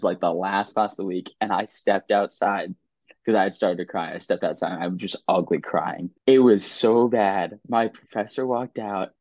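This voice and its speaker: A young man in casual podcast conversation, earnest and halting, often restarting his sentences. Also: lowish voice, dark tone, dry recording. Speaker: podcast guest. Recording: dry, dull lo-fi sound.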